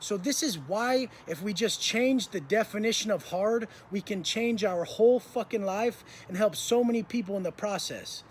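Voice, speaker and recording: A man with a notably high voice tells his story in a blunt, intense monologue, swearing freely as he drives his points home. He speaks as a motivational speaker, and a faint hiss sits behind him. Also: normal speed, hardly any pauses.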